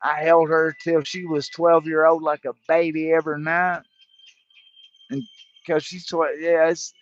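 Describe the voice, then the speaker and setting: His voice sits on the high side with little pitch movement, and he takes his time as he hosts a livestream. The talk is an angry, profane political rant full of stumbling restarts, heard through dull lo-fi audio.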